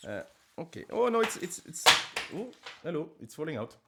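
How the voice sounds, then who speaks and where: A man chatting casually on a live stream from his living room, rambling and joking at himself with sudden loud outbursts. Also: on the high side, big pitch swings, moderate pace, very noisy.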